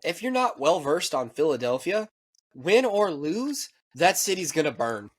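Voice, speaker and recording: Profane ranting American man, higher voice. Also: measured pace, breathy edge. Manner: profane, animated ranting with mock quoted voices. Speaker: podcast co-host. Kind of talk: casual chat.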